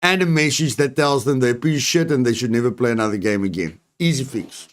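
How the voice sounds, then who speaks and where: A man's voice: medium pitch, fast. A man on a gaming talk show ranting angrily and bluntly about cheating, swearing and repeating himself. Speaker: co-host reacting to news. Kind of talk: heated rant commentary.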